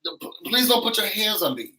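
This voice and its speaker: A man giving an animated, sassy recap of a reality show, acting out what others said with emphatic asides to his viewers. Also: high voice, normal speed, rough recording. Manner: sassy, emphatic, acts out quotes. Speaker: YouTube reality-show reviewer.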